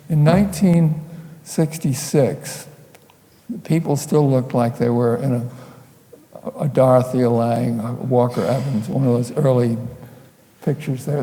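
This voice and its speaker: A man's voice: medium pitch, mellow. An older man, a photographer, telling wry, meandering stories as he shows slides at a public talk. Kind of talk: storytelling lecture with slides. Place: lecture hall. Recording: lecture hall reverb.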